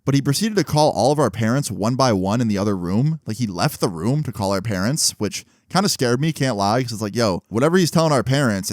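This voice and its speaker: A man's voice: mid-range voice, no room sound. Casual male vlogger, storytime delivery, dry close sound. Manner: rambling, lots of "like" fillers.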